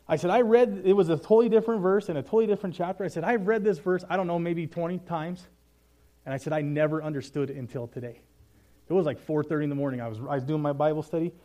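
Mellow-voiced man leading a casual sermon. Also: on the high side, quick pace. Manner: self-deprecating, storytelling. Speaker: Bible study leader.

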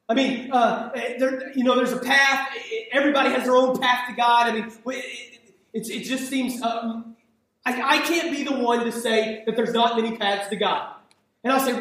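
A man's voice: very high voice, fairly even intonation, moderate pace, a bit bright. A man preaching a sermon as pastor, in a conversational, emphatic way with frequent repeats and restarts. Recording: echoey hall, speaker far from the mic.

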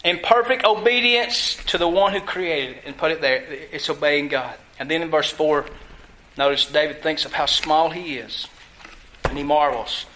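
High bright-voiced preaching man. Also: a little hiss or hum, rough recording. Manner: emphatic, asks the listeners questions, slows words down for stress. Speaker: pastor. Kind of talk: sermon with scripture teaching.

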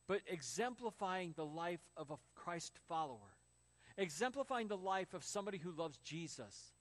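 High-voiced pastor preaching with lively stories. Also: male voice. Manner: storytelling with acted quotes and laughs. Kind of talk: sermon.

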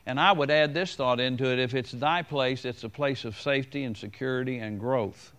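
A man's voice: medium pitch, a bit bright. Conversational preaching pastor, a man. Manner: conversational preaching, repeats key phrases and slows down to quote scripture. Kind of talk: preaching a sermon to a congregation.

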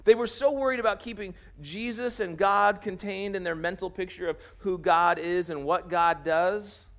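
A man's voice: sits high, steady tone, normal speed, fairly bright tone. A man preaching a sermon, telling the story in a jokey way and acting out the characters' lines as he goes. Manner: jokey, laughs at his own jokes. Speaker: pastor.

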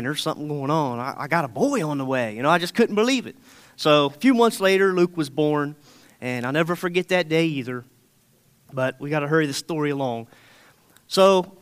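A man in his thirties with a high, clean-toned voice preaches a sermon in a folksy, conversational storytelling style. He frequently checks in with the congregation, often asking "okay?".

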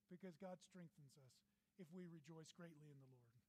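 A man preaching a sermon as pastor, animated, swinging between loud emphasis and quiet asides. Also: on the high side, normal speed, a little hiss or hum, poor audio.

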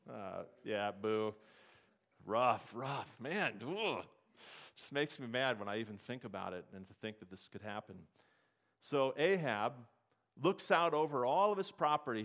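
Male pastor, mid-pitched, preaching a storytelling sermon with questions to the congregation. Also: lively intonation, unhurried, a bit bright.

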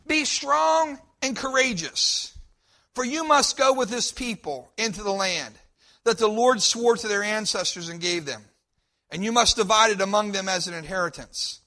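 Male pastor, emphatic sermon delivery, high and tense-edged voice. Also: sharp tone. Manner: emphatic preaching, repeats promises with rising force.

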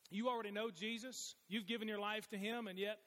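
Speaking quickly in a high, sharp, steady voice, a middle-aged man delivers a sermon as pastor. He spins folksy stories full of restarts, and the church sanctuary adds the long reverb of a large hall.

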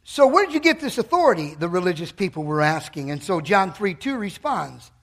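A man preaching a sermon in a church, impassioned, breaking into loud shouted bursts. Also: high-pitched, big pitch swings, brisk.

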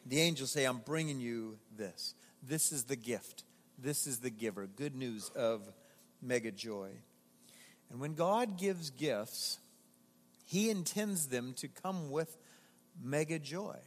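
A man with a high, bright voice delivers a sermon from the pulpit. He is animated and emphatic, drawing the congregation in with questions. The sound carries a long reverb from the large church hall. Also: measured pace. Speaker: pastor. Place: church sanctuary.

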